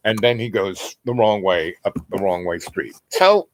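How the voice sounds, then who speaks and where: A man's voice: lowish voice, very animated, unhurried, a little hiss or hum, poor audio. A man telling a long story in a casual, rambling way, full of asides and fillers.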